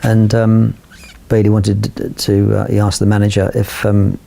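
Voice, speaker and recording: A man's voice: on the low side, monotone, a little slow, vocal fry, mellow. An older man from London, a photographer telling a long anecdote with rambling fillers and restarts. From London, England. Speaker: photographer guest. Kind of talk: anecdotal storytelling.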